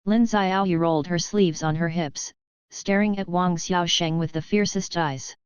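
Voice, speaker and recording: Woman narrator, steady audiobook read, smooth lower voice, dry muffled recording. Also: unhurried, no room sound.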